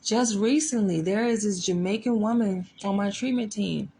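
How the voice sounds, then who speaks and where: A woman's voice: medium pitch, moderate pace, warm tone, a little hiss or hum. A woman psychologist talking casually and emphatically, often tossing in rhetorical asides. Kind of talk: casual commentary.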